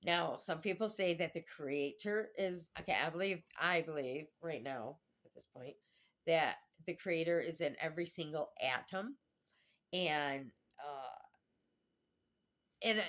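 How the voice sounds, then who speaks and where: A woman's voice: low-pitched, a little slow. A middle-aged woman vlogging a rambling personal monologue, chatty, laughing often and trailing off mid-thought.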